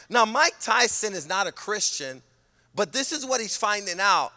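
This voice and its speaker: A man from California, a pastor preaching a sermon with emphatic delivery that often rises to a shout. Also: high voice, expressive, moderate pace, big-room sound. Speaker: senior pastor.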